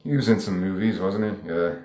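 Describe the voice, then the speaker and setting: Recorded in an echoey room, a screenwriter talks casually on his own about his screenplay, musing aloud and rambling with plenty of hedges. His voice is low, fairly even in intonation, fairly quick, and dark in tone.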